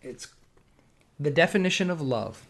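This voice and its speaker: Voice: medium pitch, expressive, unhurried, gravelly. Co-host who reads verse dramatically and then needles friends in chat. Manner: theatrical recital with stumbles, then teasing and emphatic. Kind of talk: reading a poem aloud, then casual chat.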